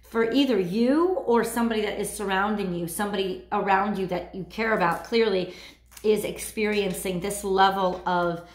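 A woman doing a weekly tarot card reading, talking in a halting way and searching for her words. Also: mid-range voice, echoey room. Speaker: tarot reader.

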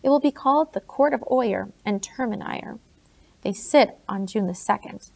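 Woman reading as old colonial gent, blunt and serious, slightly gravelly voice, audiobook style. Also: fairly high pitch, normal speed. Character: male colonial gentleman, older, blunt and grave.

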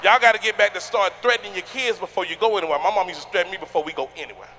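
A man doing a stand-up comedy routine on a theater stage, loud and rowdy, shouting punchlines at the crowd. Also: high-pitched, very fast, slight background noise.

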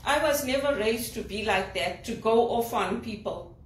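Woman from Zimbabwe, executive assistant, venting emphatically; slightly high voice, picked up from across a room. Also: expressive, moderate pace. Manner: indignant, emphatic complaining. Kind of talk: personal vlog monologue. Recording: roomy, distant from the mic.

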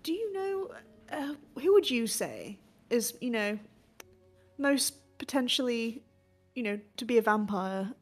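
A woman's voice: a little high, very animated, measured pace, soft background music. Woman playing her character in a tabletop game. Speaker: player. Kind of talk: tabletop role-play in character.

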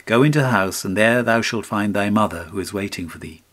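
A man's voice: on the low side, a little fast, fairly bright tone. Guy doing an old woodcutter, grave and firm, kinda stern. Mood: earnest. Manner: grave, rebuking.

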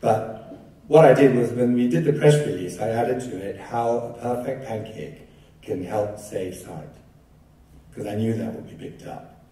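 A man's voice: medium pitch, measured pace, dark tone, distant mic. A man giving a keynote lecture, telling stories in a conversational, lightly humorous way, recorded from afar in a lecture hall. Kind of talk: academic lecture with anecdotes. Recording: echoey hall, picked up from afar.

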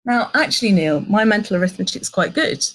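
A middle-aged woman, telling an animated work anecdote in an interview and acting out the lines of the people in it. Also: medium pitch, quick pace, rough recording. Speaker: interview guest, agency executive. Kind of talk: conversational storytelling.

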